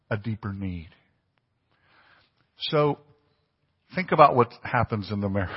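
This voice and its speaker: Pastor, male, preaching informally and quizzing the congregation; breathy tone, echoing church hall. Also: medium pitch. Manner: conversational preaching, asks the congregation questions. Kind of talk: sermon. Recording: dull lo-fi church recording with long reverb.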